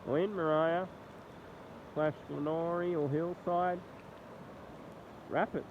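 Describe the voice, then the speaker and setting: An Australian vlogger with a slightly high, steady, nasal and congested voice rambles through a casual phone vlog outdoors beside a flooded road. His commentary is halting, and the tinny, lo-fi phone audio carries faint noise.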